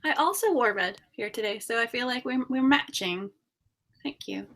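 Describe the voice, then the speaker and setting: Giggly woman with a bright voice. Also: on the high side, normal speed, creaky. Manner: giggly, self-deprecating. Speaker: podcast guest. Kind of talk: casual podcast chat.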